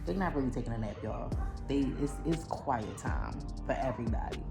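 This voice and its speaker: A woman's voice: a bass voice, lively intonation, a little fast, vocal fry, loud music behind the voice. A young woman vlogging at home, venting in a casual, exasperated way to her viewers while upset and near tears. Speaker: vlogger, mother. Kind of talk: casual vlog talk to camera. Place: home, indoors.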